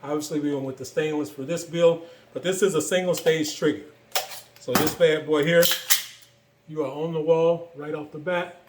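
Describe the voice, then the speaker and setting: A man's voice: a little high, slight background noise. Rambling man in an echoey room. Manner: relaxed, rambling, many fillers and pauses. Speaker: gun enthusiast showing his builds. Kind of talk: casual product walkthrough.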